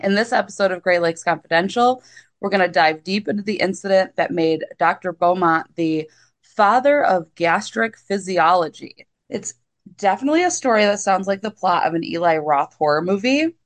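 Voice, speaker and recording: A woman's voice: on the low side, animated, normal speed. A woman co-hosting a podcast in casual banter, playfully exasperated with her co-host. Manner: exasperated, reacts with groans and laughs.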